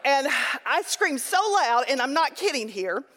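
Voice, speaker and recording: A woman teaching a Bible study, mixing scripture with lively, humorous personal stories. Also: high-pitched, a little slow, some chatter behind. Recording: long hall reverb.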